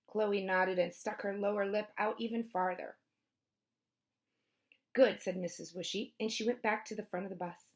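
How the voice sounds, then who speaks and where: A woman reading a children's chapter book aloud, lively, with her pitch rising for the kids' lines and dropping for the narration tags. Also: unhurried. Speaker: storybook reader. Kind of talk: children's read-aloud with character voices.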